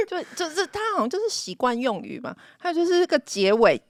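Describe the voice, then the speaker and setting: A woman's voice: high-pitched, sing-song, quick pace, no echo, studio quality. A woman from Taiwan, co-hosting an English lesson and explaining chattily with English words mixed in. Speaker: co-host English teacher. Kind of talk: casual bilingual lesson chat.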